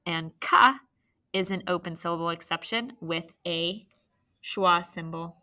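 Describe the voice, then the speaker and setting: A woman teaching a phonics spelling lesson, spelling out letters slowly and patiently and checking answers with the class. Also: lowish voice, pushed and bright.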